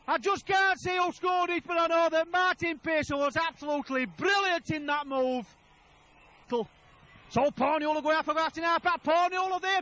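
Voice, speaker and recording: A man commentating on a rugby league match, calling play by play, repeating player names and shouting at tries. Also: very high-pitched, steady tone, moderate pace.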